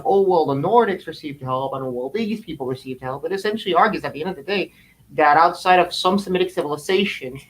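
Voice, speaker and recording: A man's voice: on the high side, a bit bright, rough recording. Rambling man lecturing on history. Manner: rambling, goes off on long historical tangents. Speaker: podcast host. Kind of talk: casual podcast chat.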